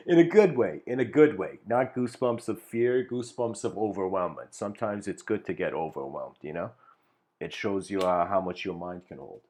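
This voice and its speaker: Rambling, low-voiced male lecturer. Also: lively intonation, moderate pace, a little mellow. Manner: rambling, with many fillers and restarts. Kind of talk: informal philosophical lecture.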